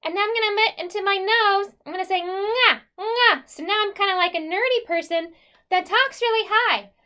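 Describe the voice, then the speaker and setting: A woman putting on a high, nasal nerd voice. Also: normal speed, sharp tone. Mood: goofy. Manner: pinched, squeaky, through the nose. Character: weird nerdy person, high nasal talker.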